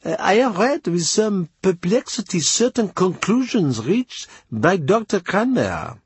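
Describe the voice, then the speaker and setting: A man's voice: high-pitched, big pitch swings, a little slow, slightly rough, dry recording, voice pushed up, exaggerated voice. A man voicing an obsequious, hesitant male diplomat who starts with fillers. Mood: deferential.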